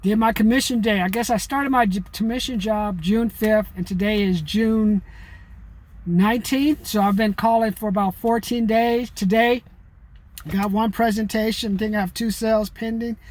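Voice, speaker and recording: A man with a high voice chats casually to his viewers. He rambles and restarts, tacking "man" onto his sentences and keeping the talk loose and animated. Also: moderate pace. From California. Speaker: vlogger. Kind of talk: casual chat to camera.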